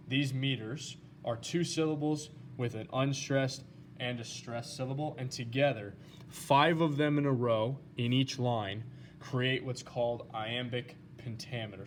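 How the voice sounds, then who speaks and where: A man teaching a recorded lesson, explaining slides step by step in a plain, steady way with some fillers. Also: mid-range voice, a little hiss or hum.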